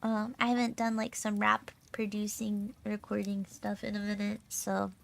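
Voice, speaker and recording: A woman's voice: medium pitch, monotone, normal speed, vocal fry. A young adult woman VTuber streamer in casual chat, bubbly and giggly with lots of filler words, her throat a little sore and strained.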